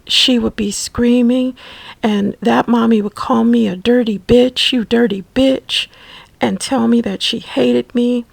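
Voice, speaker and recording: A woman recounts her memories slowly and haltingly, often dropping to a near whisper. Her voice is gravelly and a little husky, and sits somewhat high. The recording is close and dry. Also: no echo, poor audio. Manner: slow, halting, soft-spoken. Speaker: memoir narrator. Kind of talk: personal storytelling.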